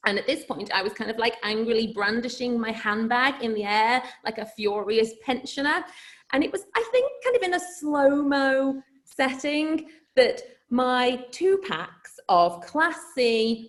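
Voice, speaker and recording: A woman with a Scouse accent telling a comic story to a live crowd, chatty and self-mocking, laughing mid-sentence and swearing freely. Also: on the high side. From Liverpool, England.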